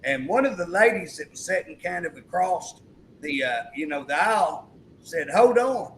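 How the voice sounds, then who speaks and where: A man's voice: on the high side, animated, normal speed, fairly bright tone, a little hiss or hum, poor audio. A male talk show host chatting emphatically, retelling a story and acting out the quotes. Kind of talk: political talk show chat.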